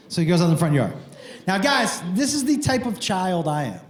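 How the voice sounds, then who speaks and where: A man doing animated, self-mocking stand-up storytelling on a club stage. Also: on the high side, quick pace. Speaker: stand-up comedian. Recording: roomy club with live audience.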